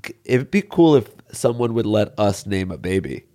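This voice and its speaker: A man's voice: fairly low pitch, very animated, moderate pace, dark tone, no room sound, studio quality. A man co-hosting a comedy podcast, bantering in jokey casual chat. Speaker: podcast co-host.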